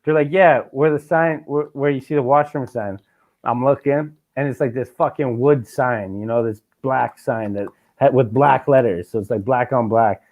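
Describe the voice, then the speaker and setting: A podcast host from Canada, a man with a middle-pitched voice, talking loosely and swearing a lot. He acts out his stories and plays both sides of each exchange. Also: normal speed, narrow, tinny audio. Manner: profane, animated storytelling with mimicked dialogue. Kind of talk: casual chat.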